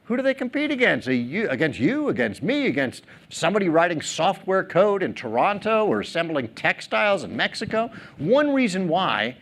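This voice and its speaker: A middle-aged man giving a humorous, animated keynote talk on a large theater stage, asking the audience questions. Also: high-pitched, moderate pace, hardly any pauses. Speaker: keynote speaker.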